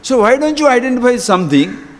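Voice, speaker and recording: Animated man teaching in a hall. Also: very high voice, fast talker. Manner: animated, rhetorical questions, chuckles often. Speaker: spiritual teacher. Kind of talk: spiritual discourse. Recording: long hall reverb.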